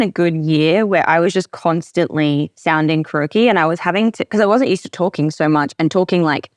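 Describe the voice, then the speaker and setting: A woman hosting a podcast interview, chatty and animated, with lots of fillers. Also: sits low, no room sound. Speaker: podcast host. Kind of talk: casual interview chat.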